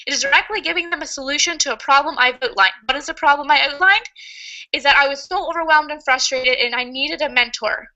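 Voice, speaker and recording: A woman's voice: high-pitched, quick pace, bright, forceful tone, highs cut off. A woman teaching a webinar lesson in an upbeat, chatty way, laughing often. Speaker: online marketing coach.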